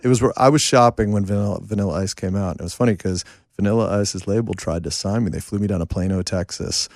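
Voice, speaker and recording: Deep-voiced man telling self-deprecating stories. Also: fast talker, dry recording, clean studio sound. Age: 50s. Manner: animated, self-deprecating storyteller. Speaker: songwriter and producer guest. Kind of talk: casual interview storytelling. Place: home studio room.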